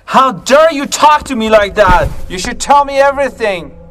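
A man's voice: extremely high pitch, expressive, normal speed, a bit bright. An actor playing an earnest, lovestruck man pleading with his partner in a film drama. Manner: pleading, strangely cheerful. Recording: film clip with faint music.

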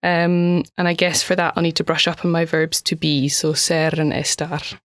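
A woman co-hosting a language podcast as the learner, asking questions and slowly repeating phrases after her teacher. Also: low voice, little pitch movement, no echo, studio quality. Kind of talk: scripted language lesson chat.

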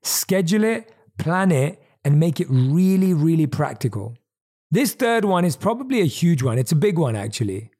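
Male podcast host, warm mellow tone on the higher side, earnest motivational monologue, emphatic repetition, close desk mic. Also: sing-song, normal speed. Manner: earnest, emphatic, repeats key phrases. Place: at his desk. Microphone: desk microphone.

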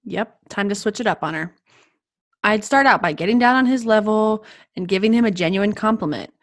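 A woman co-hosting a podcast for teachers, giving warm advice and acting out kind phrases meant for children. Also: mid-range voice.

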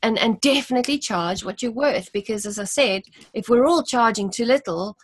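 A woman's voice: a little high, moderate pace, slightly rough, no echo. A woman from South Africa with a South African accent, a guest giving frank, earnest advice in casual podcast chat. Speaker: guest, designer.

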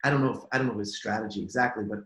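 A man in an interview who tells business stories in an animated way, repeating himself and laughing easily. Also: lowish voice, very fast. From United States. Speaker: toy company executive. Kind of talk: conversational interview. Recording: echoey room.

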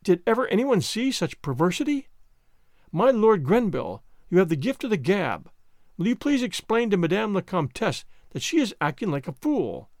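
Male narrator voicing a brusque hearty noblewoman, lively pitch, no-nonsense. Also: moderate pace, no echo, studio quality. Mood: blunt. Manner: brusque, vehement. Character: bluff blunt English noblewoman, jockey-like manner.

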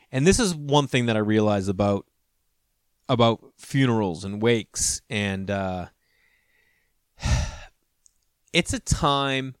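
A man's voice: medium pitch, clear, resonant tone, no echo, studio quality. A middle-aged man hosting a podcast, telling rambling personal stories full of fillers and restarts. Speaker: podcast host. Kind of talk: casual chat with read ad.

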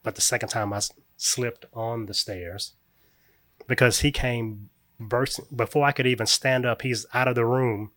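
A man's voice: mid-range voice, steady tone, moderate pace, fairly bright tone, no room sound, clean studio sound. A man who is raising his grieving grandchild speaks earnestly and reflectively in an interview. He often checks in with a "right?" as he talks. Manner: reflective, emphatic, frequent "right?" check-ins.

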